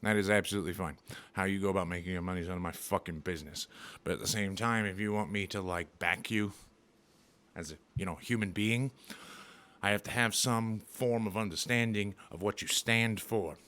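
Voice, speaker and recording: A man's voice: sits low, a little fast, fairly bright tone. A man doing an angry, profane, sarcastic comedy rant as a vlogger.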